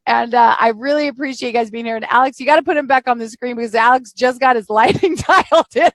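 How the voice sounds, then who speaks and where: A woman's voice: fairly high pitch, quick pace, dry recording. A middle-aged American woman hosting a live-streamed podcast over a video call, chatting casually, teasing and laughing often. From United States. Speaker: podcast host.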